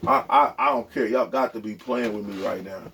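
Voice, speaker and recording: Male football commentator, low and gravelly, exasperated and emphatic, lecturing the players. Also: brisk, sharp tone, slight background noise. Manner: preachy, emphatic, exasperated, talks to players directly. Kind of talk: animated sports commentary vlog.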